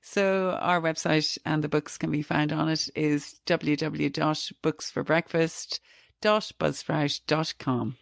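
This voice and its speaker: A woman's voice: sits low, steady tone, slow pace, vocal fry, no echo, studio quality. Eager woman recommending a novel. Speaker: podcast host. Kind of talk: casual book chat.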